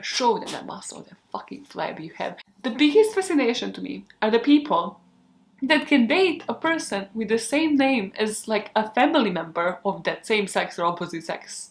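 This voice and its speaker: A young woman in casual outtake chatter to the camera, profane, giggly and self-mocking, on a desk microphone at home. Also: medium pitch. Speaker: true crime YouTuber.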